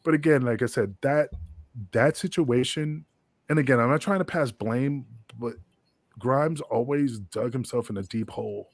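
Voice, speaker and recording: A man's voice: medium pitch, a little slow, no echo. A man, a guest wrestler, telling a long, rambling, profane backstage story in an interview. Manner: rambling, profane, full of fillers.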